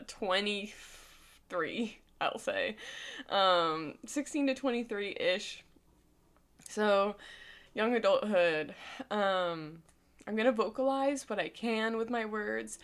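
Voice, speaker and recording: A woman in her twenties telling a personal story, emotional and casual, her voice going shaky and soft at times. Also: medium pitch. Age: 20s. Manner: emotional, voice goes shaky and soft, casual filler-heavy talk. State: close to tears. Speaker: vlogger.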